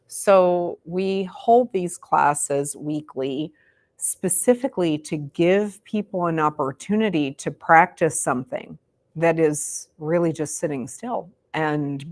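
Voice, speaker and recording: A woman's voice: sits low, dry recording. A middle-aged American woman, a meditation teacher, chatting informally and rambling a bit to her class in a meditation room. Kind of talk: casual talk to a class.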